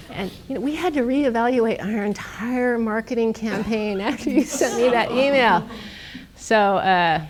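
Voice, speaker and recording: A middle-aged woman speaking as a guest speaker, telling stories in a lively, snarky way and laughing often. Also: on the high side, unhurried, a crowd in the background. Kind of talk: casual storytelling talk. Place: lecture room.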